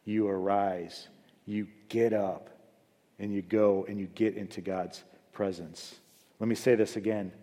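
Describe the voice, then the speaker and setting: A man preaching a sermon as pastor. He swings between loud, high emphasis and low, quiet asides. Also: steady tone, unhurried. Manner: rises loud and high for emphasis, then drops low and soft. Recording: long hall reverb.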